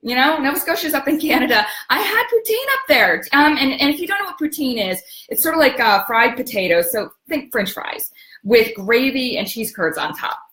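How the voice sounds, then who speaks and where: Woman, travel host, casual rambling chat, searches for words, fairly high voice, echoey room. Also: expressive, moderate pace, fairly bright tone. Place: home in Atlanta. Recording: roomy echo.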